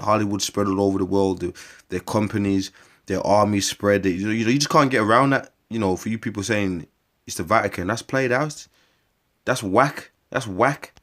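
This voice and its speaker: Low-voiced man preaching. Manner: rambling and profane, often calls listeners "bruv" and "mate"; slows down to read long scripture lists. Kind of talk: informal scripture preaching to camera.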